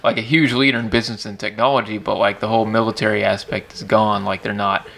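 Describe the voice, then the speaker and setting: A man chatting casually as a podcast co-host, relaxed and chatty, saying "like" often. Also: fairly low pitch, quick pace, vocal fry. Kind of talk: casual chat recapping a film.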